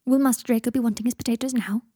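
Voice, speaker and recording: A woman's voice: on the high side, fairly even intonation, racing, dark tone, voice pushed up, close to an everyday voice. A woman voicing an eager female house elf servant in a fan fiction audiobook, polite and deferential.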